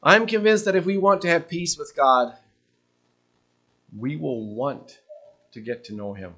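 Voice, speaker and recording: A man preaching a sermon, earnest and questioning, letting his voice drop softly at the ends of phrases. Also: a little high, unhurried.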